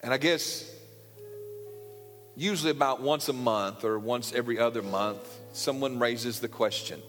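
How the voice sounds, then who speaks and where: A man's voice: medium pitch, normal speed, fairly bright tone, in a large hall, faint music behind. A man preaching a sermon as pastor, emphatic and fond of repeated phrases. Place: church sanctuary.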